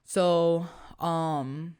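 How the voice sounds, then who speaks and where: A young woman co-hosting a podcast tells a personal story in casual, filler-heavy chat, her delivery earnest. Her tone stays steady and smooth, with drawn-out words, and she relives a moment of fear in a soft, low voice.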